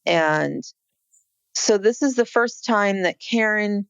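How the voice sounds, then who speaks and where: A woman with a smooth, mid-range voice and vocal fry speaks slowly on a dry recording with no room sound. As a podcast co-host, she chats casually about a court case, using many fillers and frequently restarting her sentences.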